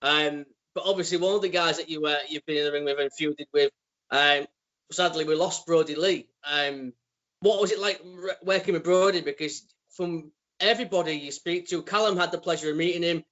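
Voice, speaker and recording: A man co-hosting a podcast, asking questions casually and haltingly, repeating words, over a video call. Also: a little high, a bit bright. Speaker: podcast host. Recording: dull lo-fi sound.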